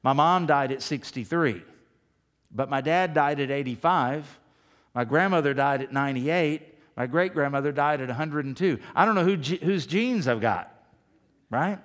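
A man's voice: on the high side, moderate pace, fairly bright tone. A pastor in his fifties preaching a sermon with emphasis, often asking the congregation questions. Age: 50s.

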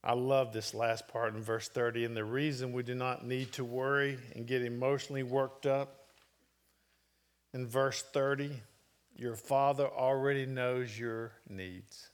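A man's voice: mid-range voice, fairly even intonation, measured pace. A middle-aged man preaching a sermon, telling a personal story with emotion and earnest emphasis. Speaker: pastor.

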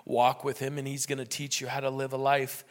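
A man's voice: medium pitch, monotone, fairly quick. A young man preaching a sermon and leading prayer in an earnest, conversational way.

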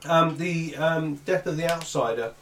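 A man in his thirties co-hosting a casual gaming podcast, an animated storyteller who laughs through his anecdotes. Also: a little high, unhurried, distant mic, slight background noise. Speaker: podcast co-host.

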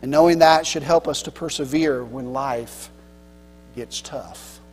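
A man pastor preaching a sermon earnestly, swinging between loud emphasis and soft, low passages. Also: measured pace, breathy edge. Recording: long hall reverb with mains hum.

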